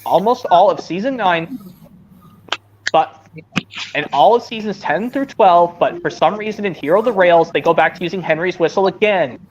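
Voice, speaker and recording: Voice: mid-range voice, moderate pace. A streamer chatting casually on a video call, eager and often repeating phrases. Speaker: streamer showing a book collection. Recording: muffled call audio with steady noise.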